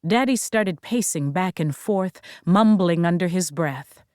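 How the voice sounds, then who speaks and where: A woman narrating an audiobook in the first person, measured and unhurried. Her reading runs slow and steady, recorded dry and close with no room sound. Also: fairly low pitch, clean tone, no room sound.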